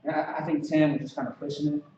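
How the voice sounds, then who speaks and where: A man teaching a language class in a relaxed, halting way, with many fillers and restarts. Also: fairly high pitch. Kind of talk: casual classroom instruction. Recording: echoey, distant, dull lo-fi recording with some noise.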